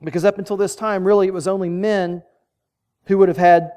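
A man's voice: sits high, steady tone, fairly quick, mellow. A man preaching a sermon, telling the story vividly and building to emphatic peaks.

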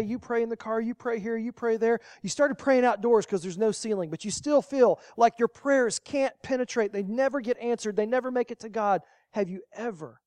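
A pastor preaching a sermon, rising to loud emphatic lines and dropping to quiet, low asides, repeating key phrases. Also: dry recording.

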